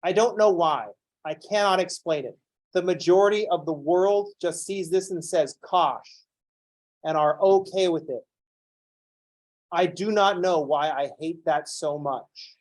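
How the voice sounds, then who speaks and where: A man teaching a calculus class who lectures in an animated, playfully ranting way. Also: on the high side, a little slow. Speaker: calculus instructor.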